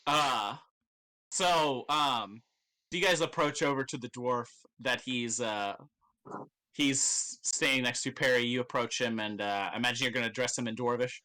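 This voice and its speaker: A man narrating as game master, loose, profane and quick to laugh. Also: medium pitch, bright, forceful tone.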